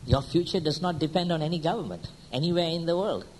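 In this sermon, the preacher keeps firing pointed questions at his audience and asking "hmm?" to check in. Quiet, slow passages give way to abrupt, loud, high-pitched outbursts, all on a rough recording with slight hiss or hum.

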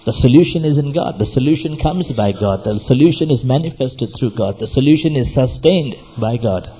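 A man's voice: mid-range voice, expressive, normal speed, dark tone, a little hiss or hum, poor audio. A man preaching a sermon as pastor, exhorting and repeating himself, often asking his listeners questions. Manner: exhorting, repetitive, asks the audience questions.

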